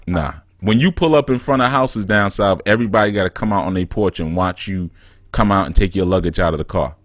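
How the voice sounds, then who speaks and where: Teasing new guy hosting a call-in show, low voice, dry sound. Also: a little fast, no room sound. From New York. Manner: teasing, joking, laid-back slang. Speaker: spiritual counselor and show host. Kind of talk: casual call-in banter.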